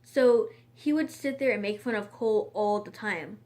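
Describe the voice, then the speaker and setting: A woman's voice: medium pitch, moderate pace, a little mellow. A woman in a casual storytime monologue, rambling and chatty, with frequent fillers and restarts. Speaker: vlogger.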